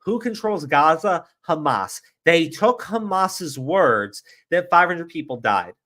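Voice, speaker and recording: A man's voice: fairly high pitch, expressive, slow pace, few pauses, bright, forceful tone. A man hosting a podcast, ranting profanely about the news and mocking opponents with sarcastic quotes. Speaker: podcast host. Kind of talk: heated political commentary.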